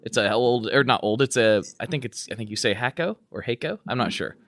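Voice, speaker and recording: A man's voice: on the low side, fairly even intonation, fast talker, fairly bright tone. A man hosting a casual podcast, asking questions and reacting with short, curious interjections. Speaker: podcast host.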